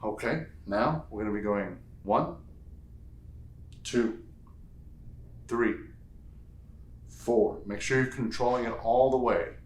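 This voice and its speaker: A male fitness instructor talks slowly and patiently through a strength routine, counting each rep out loud. His voice sits at an ordinary pitch. The room around him rings with echo. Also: a little hiss or hum. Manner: counts reps aloud, playful asides. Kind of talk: guided workout instruction. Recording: echoey room.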